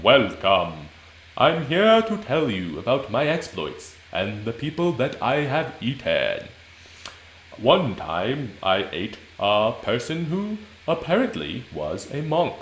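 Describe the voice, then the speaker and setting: A man's voice: lowish voice, sing-song, slow, echoey room, slight background noise, exaggerated voice, poor audio. A man playing a boastful man-eating monster. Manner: rambling, casual bragging.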